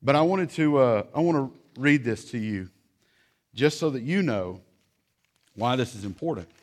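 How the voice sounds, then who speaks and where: A man's voice: medium pitch, animated, normal speed, a little mellow. A young man, a pastor and father, preaching a sermon in an earnest, urgent tone. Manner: earnest, urgent pleading to the congregation.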